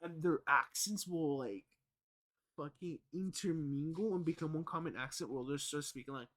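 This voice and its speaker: Young man, streamer, raised pitch, loose rambling talk, swearing, fillers. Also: normal speed, fairly bright tone. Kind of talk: casual reaction commentary.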